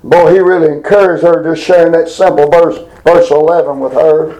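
A man's voice: on the high side, fairly even intonation, moderate pace, warm tone, rough recording. A man giving a folksy, emphatic Bible lesson, reading scripture aloud and explaining it in plain talk. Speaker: preacher. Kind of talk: informal Bible teaching.

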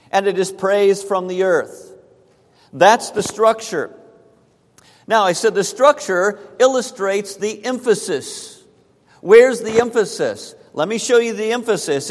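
Slow, high-voiced male preacher in a reverberant hall. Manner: emphatic preaching, repeats key phrases, slows for stress. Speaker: pastor. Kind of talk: sermon. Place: church sanctuary.

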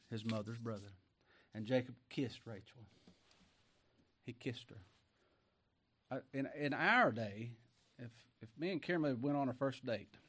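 A middle-aged man with a drawl delivers a homespun sermon. His voice sits at an ordinary mid pitch. He swings from ringing declamation to near-hushed asides. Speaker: preacher.

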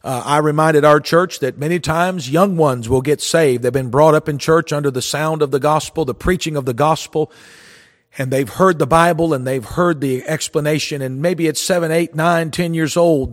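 Forceful preacher man, long reverb. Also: on the high side. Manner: forceful, dogmatic preaching with emphatic repetition. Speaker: pastor and radio program host. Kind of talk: broadcast sermon.

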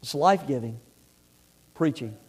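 A pastor preaching a sermon in a church, folksy and emphatic, building up to loud exhortation. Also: male voice, mid-range voice, animated, normal speed, breathy edge. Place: church sanctuary.

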